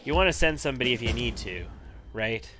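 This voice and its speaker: A man's voice: mid-range voice, animated, fast talker, pushed and bright, soft background music. Man chatting over a video game. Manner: chatty, thinking aloud while playing. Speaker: let's-play host. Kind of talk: casual gameplay commentary.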